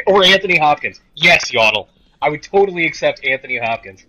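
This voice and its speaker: A man's voice: on the high side, expressive, brisk, bright, forceful tone, slight background noise, low-quality recording. A man casually commenting while he streams a video game, joking and chatting with viewers. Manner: joking, sarcastic, talks to chat viewers.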